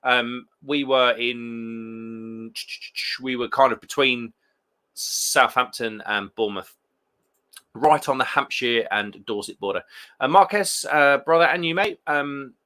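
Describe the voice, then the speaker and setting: Bright-voiced chatty man. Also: medium pitch, slow pace, clear, resonant tone. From England. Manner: chatty, rambling, with many restarts and fillers. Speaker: live stream beer show host. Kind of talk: casual live chat reading viewer comments.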